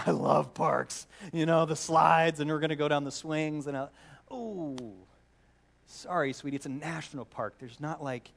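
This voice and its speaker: A man in his thirties preaching a sermon, animated and storytelling with playful asides. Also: high-pitched. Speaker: pastor.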